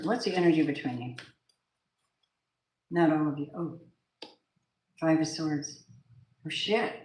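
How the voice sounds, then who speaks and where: A woman's voice: deep voice, reverberant, slight background noise, rough recording. A woman doing a live tarot reading, gushing over her viewers and swearing now and then. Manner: effusive, gushing address to viewers, occasional swearing. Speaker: tarot reader.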